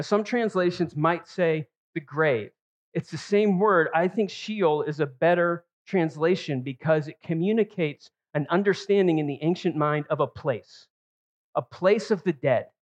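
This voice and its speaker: A man's voice: a little high, muffled recording. Man preaching an expository sermon. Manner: expository preaching, rising emphasis on key words. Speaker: pastor.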